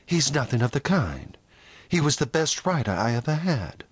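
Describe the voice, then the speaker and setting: A male narrator voicing an earnest, indignant young woman who owns a ranch, with lively pitch in a dry recording. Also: normal speed, husky, dry recording.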